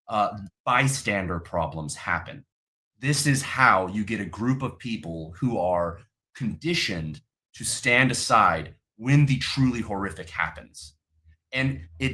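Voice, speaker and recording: Deep-voiced man, impassioned host. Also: sharp tone. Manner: impassioned, building to anger. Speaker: podcast host. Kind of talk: political discussion. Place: in-person studio.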